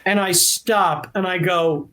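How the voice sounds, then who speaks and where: A man guesting on a podcast interview, telling an animated anecdote. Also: sits high, slow pace. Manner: animated storyteller. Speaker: actor guest.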